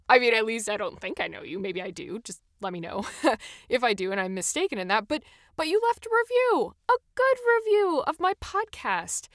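A woman's voice: a little high, a bit bright, no echo, clean studio sound. A young woman hosting a solo podcast, talking in a chatty, enthusiastic and self-deprecating way. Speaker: podcast host. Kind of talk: casual solo podcast monologue.

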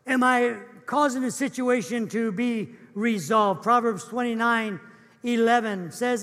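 A man's voice: very high-pitched, unhurried, a bit bright. A man preaching a sermon as pastor in an earnest, emphatic, repetitive way. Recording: echoey church hall.

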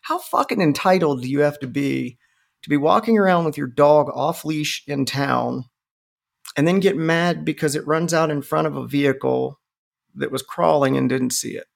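Gravelly middle-aged man, casual co-host, profane rambling storyteller. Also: fairly high pitch, moderate pace. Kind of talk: casual chat.

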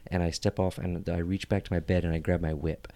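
A man on a comedy podcast telling a long absurd story, rambling with lots of filler words and slipping into whispers and shouts for the bits. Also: low voice, little pitch movement, fairly quick, dry recording. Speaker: podcast co-host.

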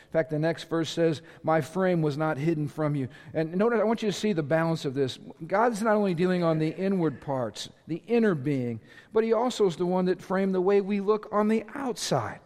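A male pastor preaching a sermon to a congregation, energetic and emphatic, with sudden shouts and playful asides. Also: a little high, brisk, long reverb tail. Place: church auditorium with congregation.

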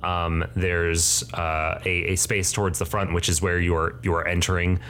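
A man's voice: low voice, flat delivery, normal speed, fairly bright tone, a little hiss or hum. A man narrating as game master for a tabletop game, hesitant with many fillers.

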